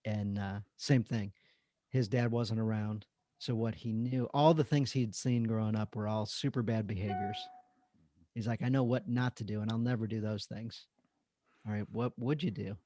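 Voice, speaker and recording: A man's voice: lowish voice, fairly even intonation, normal speed, mellow, dry recording. Upbeat casual man, dry sound. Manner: casual and upbeat, with frequent "like" and "you know". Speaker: guest, parenting coach and author. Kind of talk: conversational podcast interview.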